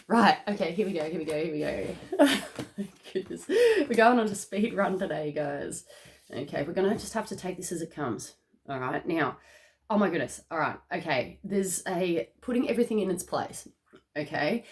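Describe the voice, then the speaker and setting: Woman, tarot reader on a casual video reading; excitable, laughs a lot, keeps tagging "okay?" after each point. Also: lowish voice, normal speed. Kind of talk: casual spiritual card reading.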